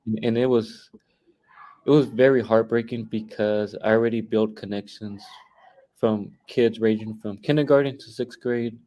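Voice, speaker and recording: A young man in his twenties talking casually as a guest teacher, halting with many restarts and fillers. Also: on the low side, steady tone, mellow, lo-fi sound. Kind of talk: casual interview talk.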